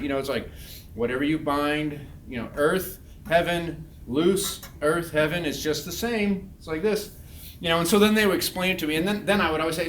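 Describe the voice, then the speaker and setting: Animated male storyteller in a roomy hall. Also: fairly high pitch, slight background noise. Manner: animated, acts out quotes loudly. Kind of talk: humorous storytelling talk. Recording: roomy, distant mic.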